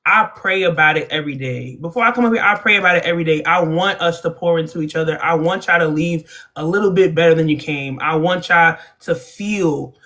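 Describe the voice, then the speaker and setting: A woman's voice: low voice, brisk, hardly any pauses, pushed and bright. A woman from New Jersey with a Jersey accent, hosting a live stream in a chatty, upbeat way and laughing often. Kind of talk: casual live stream chat.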